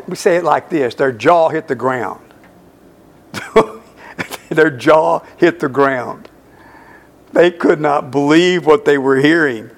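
A male pastor preaching slowly through a Bible passage, stressing key words and repeating lines for emphasis. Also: on the high side, gravelly. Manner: slow, emphatic Bible exposition. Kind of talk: sermon.

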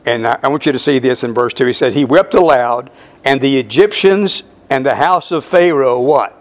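A male pastor preaching slowly through a Bible passage, stressing key words and repeating lines for emphasis. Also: medium pitch. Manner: slow, emphatic Bible exposition. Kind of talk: sermon.

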